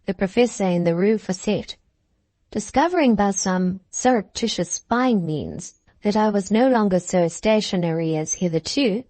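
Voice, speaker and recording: Woman narrating a classic novel, measured. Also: mid-range voice, warm tone, no echo. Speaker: audiobook narrator.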